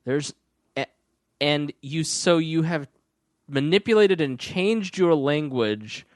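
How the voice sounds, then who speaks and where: A man's voice: a little high, lively intonation, slow, no echo. Sarcastic ranting man, dry close sound. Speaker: podcast co-host. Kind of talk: casual ranting chat.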